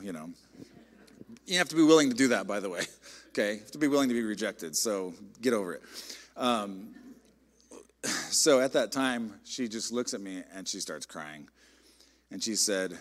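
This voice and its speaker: A middle-aged man, a pastor, preaching a sermon in a conversational, animated storytelling way. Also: lowish voice, normal speed. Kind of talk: sermon with personal stories.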